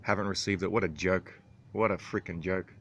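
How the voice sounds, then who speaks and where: A man in his thirties hosting a casual livestream, reading out viewer comments with frequent chuckles and throat clearing. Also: low-pitched, fairly even intonation, brisk, a bit bright. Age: 30s. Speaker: livestream host.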